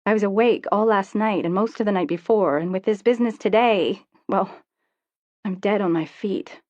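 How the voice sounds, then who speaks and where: A woman voicing a weary, subdued teenage girl who speaks quietly and hesitantly, on a dull, lo-fi recording. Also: medium pitch, normal speed, no room sound, natural voice.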